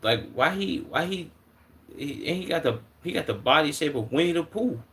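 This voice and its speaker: A man's voice: on the high side, animated, normal speed, a bit bright. A man in his twenties from Chicago, reacting casually on a live stream in a slangy way, often incredulous and stuttering over his words. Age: 20s.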